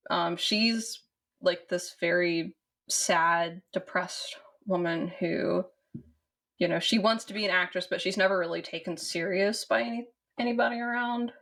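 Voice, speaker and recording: Woman with a creaky low voice. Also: a little slow, fairly bright tone. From southern United States. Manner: rambling, with many fillers and restarts. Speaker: podcast co-host. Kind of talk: casual chat about a film.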